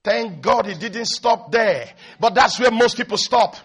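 A man preaching a sermon as pastor, often shouting and calling on the congregation to answer. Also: high-pitched, lively intonation, measured pace, husky.

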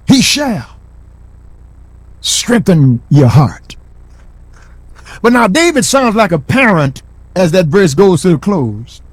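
A middle-aged man preaching a sermon in a church, repeating lines and building to shouts. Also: high voice, very animated, slow pace, pauses often, breathy edge, dry recording. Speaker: pastor. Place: church sanctuary.

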